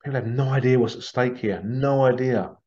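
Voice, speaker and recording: A man's voice: medium pitch, fairly quick, dark tone. Guy rambling on his podcast, earnest, kinda muffled audio. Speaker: podcast host. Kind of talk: casual monologue.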